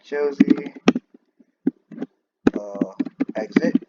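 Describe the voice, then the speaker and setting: A man with a somewhat low voice talks through a screen-recorded demo of his student coding project, stopping often for fillers and restarts. The audio is muffled and lo-fi, with a clear steady noise and clicking behind him. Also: extremely slow. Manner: hesitant, many fillers and restarts. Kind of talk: screen-recorded program walkthrough.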